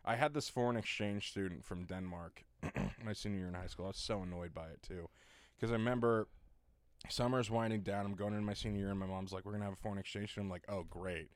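Man, lowish voice, laughs a lot, easygoing storytelling, dry close mic. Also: fast talker, clean tone, dry recording. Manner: laughs often, tells anecdotes, puts on silly voices. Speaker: podcast co-host. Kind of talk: casual comedic chat.

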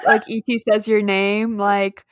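A woman's voice: medium pitch, level tone, a little slow, dry recording. A woman co-hosting a podcast, chatting casually about a movie with dry asides and frequent laughter. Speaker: podcast co-host. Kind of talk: casual chat recapping a movie.

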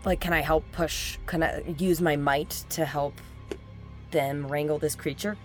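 Woman with a deep voice playing a tabletop game, quiet and unsure, bit of music in the back. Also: fairly even intonation, unhurried. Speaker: player. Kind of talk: in-character role-play as a gentle missionary.

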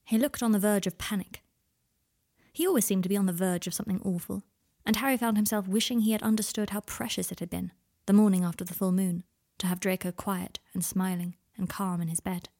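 Woman reading a story out loud, calm and measured, close and intimate. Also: medium pitch. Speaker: narrator. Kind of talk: scripted narration of fan fiction.

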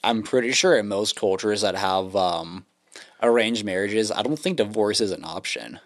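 A man with a somewhat low voice talks casually as a podcast co-host. He halts and restarts often, leans on "like", and swears offhandedly. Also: expressive, normal speed. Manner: hesitant, swears, lots of "like". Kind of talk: casual chat.

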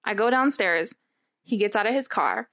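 A young woman co-hosting a podcast rambles through a long story in a casual chat, using lots of fillers and quoting other people frequently. Her voice is medium-pitched and fairly bright, with lively intonation at a normal speed.

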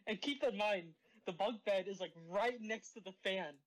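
A man's voice: sits high, moderate pace, low-quality recording. A young man co-hosting a podcast, telling a story in a rambling way, full of "like" and laughing as he goes. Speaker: podcast co-host. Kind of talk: casual storytelling among friends.

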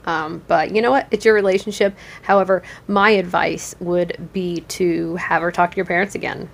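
A woman's voice: fairly low pitch, fairly even intonation, normal speed, creaky. A woman hosting a casual podcast, reading Reddit posts aloud and reacting to them with frequent ums and restarts. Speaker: podcast host.

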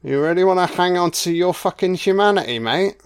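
Man playing a sneering vampire, sweary, smooth clear voice. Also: high-pitched, lively intonation, brisk, pitched above the performer's own voice. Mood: mocking. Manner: mocking, sweary. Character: scornful male vampire mocking his companion.

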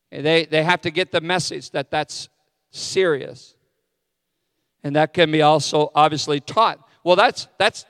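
A middle-aged male pastor delivers a sermon, breaking off into candid, self-mocking asides. His voice sits a little high and comes through smooth. Long reverb trails after each phrase, as in a hall. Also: fairly bright tone, clean studio sound.

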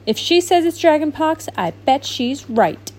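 A giddy, bouncy girl genie from a storybook, put on by a woman reading aloud. Her voice leaps up high and swoops wildly. She gushes and repeats words in excited bursts. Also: a little slow, slight background noise. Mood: eager.

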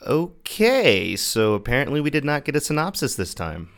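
A man's voice: medium pitch, sing-song, normal speed, fairly bright tone, faint music behind. A man co-hosting a casual film podcast, talking in an earnest, self-aware way. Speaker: podcast co-host. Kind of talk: casual chat.

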